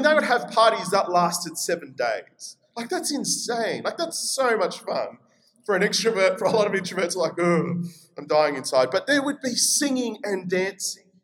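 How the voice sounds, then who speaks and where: A man with an Australian accent preaching a sermon in a chatty, energetic way, reading scripture aloud. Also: high-pitched, rough recording. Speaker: pastor.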